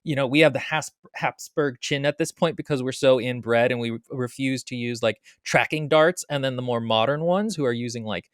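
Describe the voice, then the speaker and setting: A podcast co-host chatting casually in a book review, opinionated and quick to correct details. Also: mid-range voice, clear, resonant tone, no echo, clean studio sound.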